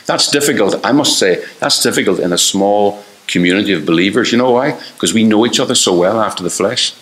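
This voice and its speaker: Irish male pastor, lowish voice, earnest conversational sermon, roomy church-hall echo. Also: a bit bright. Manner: earnest, conversational preaching with quick asides.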